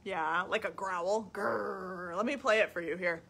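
A children's librarian reads a picture book aloud in sing-song fashion, drawing young listeners in with questions, during a library storytime streamed live on video. She speaks at normal speed in a fairly low voice that's a bit bright with a breathy edge.

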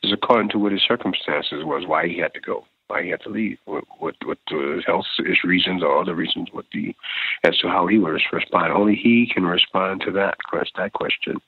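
Deep raspy american guy on a tinny phone line, talks in halting starts. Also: no room sound. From United States. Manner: emotional, halting, many restarts. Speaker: drummer guest. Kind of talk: phone interview.

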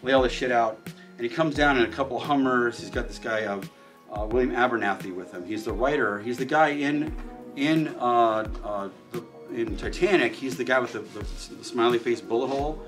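A man's voice: medium pitch, a little fast, a bit bright, recorded from a distance, faint music behind. A man who runs a shooting range tells stories in a rambling, casual way, swearing freely and acting out what people said. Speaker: shooting range owner and firearms trainer. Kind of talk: casual storytelling in an interview.

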